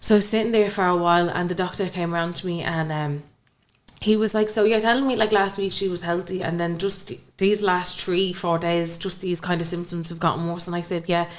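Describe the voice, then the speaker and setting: Fast-talking young Irish woman. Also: lowish voice, steady tone. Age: young adult. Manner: recounts events by acting out quoted dialogue. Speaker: podcast guest. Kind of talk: emotional personal storytelling in conversation.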